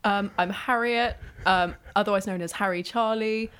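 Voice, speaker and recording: A woman's voice: medium pitch, steady tone, moderate pace, fairly bright tone, smooth. A woman in her twenties from the Isle of Wight, a podcast guest in casual chat, bashful and giggly. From Isle of Wight, England. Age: 20s. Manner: bashful, giggly, self-deprecating.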